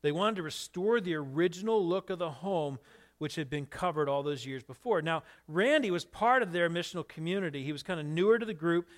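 Brief: pastor, male, higher-pitched, lively storyteller who puts questions to the room. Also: a little fast. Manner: animated, asks the listeners questions. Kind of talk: sermon storytelling.

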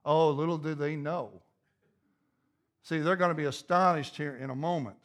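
A pastor preaching a sermon, repeating key phrases and building to an emphatic, raised intensity. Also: male voice, fairly high pitch, fairly even intonation, normal speed.

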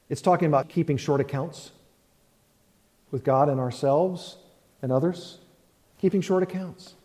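Slow, mellow-voiced man preaching in a hall. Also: on the high side. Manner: slow, emphatic preaching with repeated phrases. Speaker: pastor. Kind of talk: sermon.

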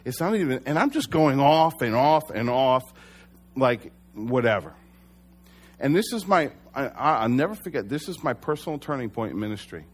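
Middle-aged man, pastor, preaching in church, animated story, self-deprecating humor. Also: medium pitch, moderate pace. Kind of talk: sermon with personal story.

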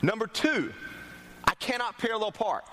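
A man's voice: high-pitched, moderate pace, heavy background noise. A young man from North Carolina, preaching a sermon in a church, telling jokes and asking the congregation to respond. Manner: lively, joking storyteller, asks the congregation to respond. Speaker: pastor.

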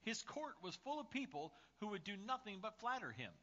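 A male pastor with a summer cold preaches in a church in a storytelling manner full of fillers and restarts. His voice is high and animated, and it rises and falls widely. The recording sounds slightly muffled. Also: brisk. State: has a summer cold, coughing. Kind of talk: sermon.

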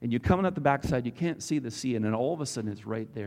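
A man preaching to a live audience in a relaxed, conversational way. He tells the story with energy and often stops to ask the room questions. His voice sits at an ordinary pitch for a man. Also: racing. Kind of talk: sermon with bible teaching.

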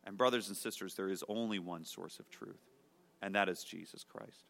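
A man in the pulpit delivers a sermon with a low, bright, ringing voice. He presses his points hard, then drops into hushed tones for the quieter warnings. The sound carries the long reverb of a church hall. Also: steady tone, normal speed, vocal fry. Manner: emphatic preaching, swings from loud declarations to hushed tones. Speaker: pastor.

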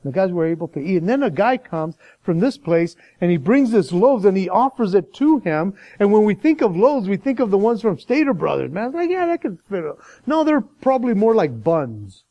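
Lively, high-voiced male preacher. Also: normal speed, hardly any pauses, no room sound, dull audio. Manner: animated, chatty, acting out voices with laughs. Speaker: pastor. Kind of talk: sermon.

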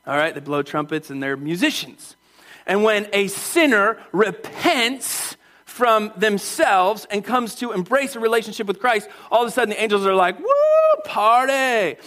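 A man preaching a sermon in a church, animated and playful, acting out voices and calling on the crowd. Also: sits high. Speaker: pastor.

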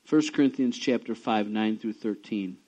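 A middle-aged man preaching a sermon, emphatic, dropping low and quiet and then rising loud and high. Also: moderate pace, rough recording. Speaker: pastor.

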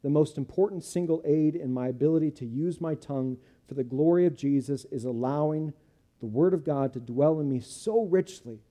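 Male pastor, sermon and prayer, earnest and measured, fairly high but very dark, mellow tone. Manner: earnest, measured preaching in short phrases. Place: church.

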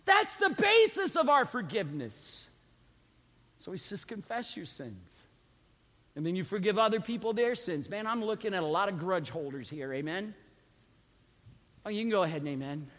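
High-voiced pastor preaching in a hall. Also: male voice, lively intonation, normal speed. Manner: preaching with call-and-response to the congregation; swings from quiet asides to shouted emphasis. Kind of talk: sermon. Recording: long reverb of a large hall.

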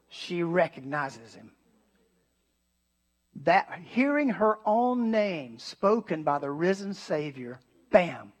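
A man with a notably high voice delivers a sermon to his congregation. He swings between emphatic, ringing declarations and quiet, hushed asides, leaning hard on key words. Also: breathy edge. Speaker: pastor.

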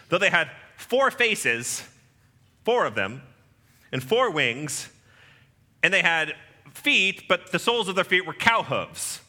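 A man preaching in a church, his voice very bright and clear over a long hall reverb. He delivers his sermon with humor, acting out the voices he quotes. His pitch sits a little high for a man. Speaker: pastor. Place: church sanctuary.

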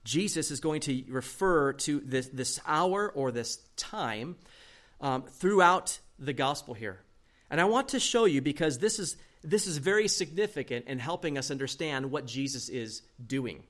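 A man preaching a Bible sermon in a fairly high voice. He reads verses aloud and explains them with animated rises and quiet, pointed drops for emphasis. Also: measured pace. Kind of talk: sermon teaching from scripture.

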